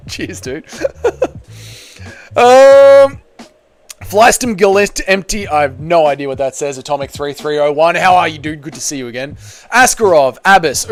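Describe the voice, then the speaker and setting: A young New man chats on a casual livestream, reading comments aloud and answering them. He talks quickly and rambles, throws in plenty of "like" and the odd swear, in a voice pitched slightly high. Soft music plays faintly under him. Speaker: MMA livestreamer.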